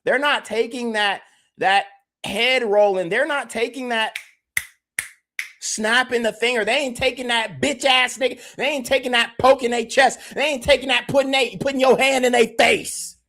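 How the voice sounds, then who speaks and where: A man's voice: very high voice, fairly even intonation, normal speed, sharp tone, slight background noise. A man hosting a podcast, ranting emphatically in a livestream commentary and repeatedly calling out to his chat. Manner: emphatic, repetitive, addresses the chat directly. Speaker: podcast host.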